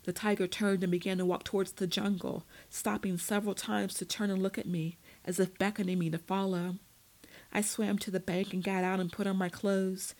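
A woman reading a first-person story aloud in a measured, steady storytelling manner. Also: mid-range voice, rough recording. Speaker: narrator. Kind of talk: first-person audiobook narration.

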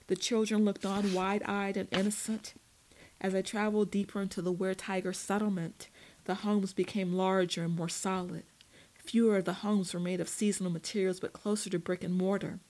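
A woman reading a first-person story aloud in a measured, steady storytelling manner. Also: medium pitch, low-quality recording. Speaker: narrator. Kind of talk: first-person audiobook narration.

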